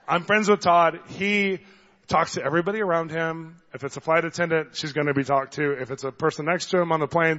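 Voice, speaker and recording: A man preaching a sermon, telling stories in an animated way, acting out the voices of the people in them and getting loud at times. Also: a little high. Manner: animated storyteller, acts out voices, gets loud. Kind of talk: sermon with storytelling. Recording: dull long hall reverb.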